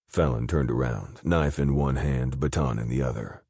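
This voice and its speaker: Male audiobook narrator, husky bass, dry close recording, even measured delivery. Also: no room sound. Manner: steady, measured storytelling. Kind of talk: scripted narration of an action novel.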